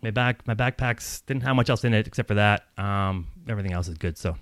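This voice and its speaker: A fast-talking man with a voice on the low side laughs and swears his way through a long personal tale, rambling and animated in a casual manner, recorded dry.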